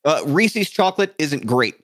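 A man's voice: a little high, big pitch swings, normal speed, fairly bright tone, no room sound, studio quality. A man co-hosting a podcast, joking around and ranting playfully in casual chat. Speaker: podcast co-host.

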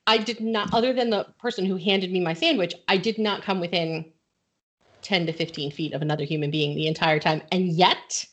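A woman's voice: lowish voice, fairly even intonation, a little fast, fairly bright tone. A middle-aged woman from Connecticut hosting a podcast, telling a story in casual chat and laughing often. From Connecticut, USA. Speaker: podcast host.

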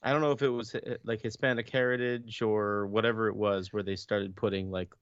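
Emphatic, low-voiced male co-host. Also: level tone, fairly quick, clean tone, dry recording, muffled recording. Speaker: podcast co-host. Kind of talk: casual chat.

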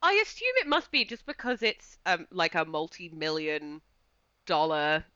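Lively young woman, dull lo-fi sound. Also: low-pitched, normal speed, no room sound. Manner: animated, acts out quotes in mocking voices. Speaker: podcast co-host. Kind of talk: casual chat reviewing a film.

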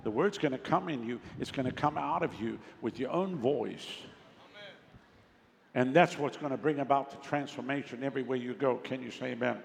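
A man's voice: medium pitch, a little fast, vocal fry, a little hiss or hum. A pastor preaching a sermon, emphatic and calling on his congregation for responses. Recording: long reverb of a large hall.

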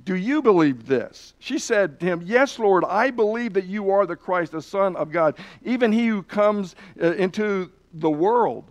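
Earnest preaching man, slightly high voice. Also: animated, measured pace, hardly any pauses. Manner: earnest preaching, reads scripture aloud with emphasis. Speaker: pastor. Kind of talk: sermon.

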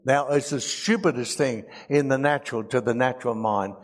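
A man's voice: medium pitch, normal speed. A man preaching a sermon, reading scripture aloud and adding emotional, humorous asides.

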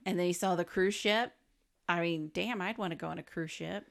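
A woman's voice: fairly low pitch, a little fast, vocal fry. A woman co-hosting a podcast in casual chat, laughing often and chiming in with agreement. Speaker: podcast co-host.

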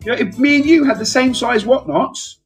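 High-voiced man, rambling co-host. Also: brisk, faint music behind. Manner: rambling, easily amused. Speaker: podcast co-host. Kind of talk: casual chat.

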